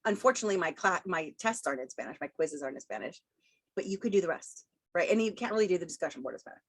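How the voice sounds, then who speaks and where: A middle-aged woman giving a casual college lecture, chatty and quick to laugh, acting out quotes in playful voices. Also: fairly low pitch, animated. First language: English. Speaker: college instructor.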